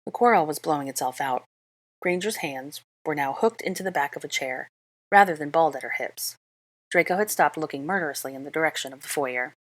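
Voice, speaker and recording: A woman narrating a fan fiction story aloud in a calm, measured reading voice. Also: sits low. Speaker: reader.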